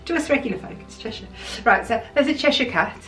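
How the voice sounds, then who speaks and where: A woman from the United Kingdom, chatting excitedly as she unboxes things for her channel. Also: high-pitched, fast talker, soft background music. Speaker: vlogger. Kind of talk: casual chat while unboxing. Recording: roomy sound from a distant mic.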